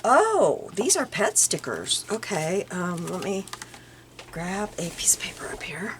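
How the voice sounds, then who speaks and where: An older woman with a low voice that swings up and down as she talks, chatting about her craft finds. She muses aloud and at times drops to a near murmur. Steady background noise runs under the recording. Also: a little slow. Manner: chatty, musing aloud, drifting into soft murmurs. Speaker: crafting vlogger. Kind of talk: casual show-and-tell chat.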